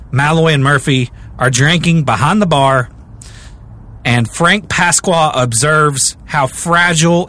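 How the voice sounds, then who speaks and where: A young man retells a true crime story on a podcast. He talks casually and often restarts his sentences. His tone is bright and sharp, his pitch swings widely, and he sits a little higher than most men. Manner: animated, rambling, jokey, with many restarts.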